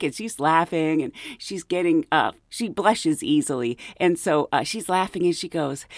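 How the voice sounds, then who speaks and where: A woman hosts her podcast in a loose, chatty storytelling style, full of ums and uhs. Her voice sits on the low side, but her pitch leaps around with lively emphasis. The sound is close and dry, with no room around it. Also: moderate pace, hardly any pauses, dry recording. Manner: chatty, animated, giggly, lots of ums and uhs. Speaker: podcast host, flight attendant. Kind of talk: casual storytelling monologue.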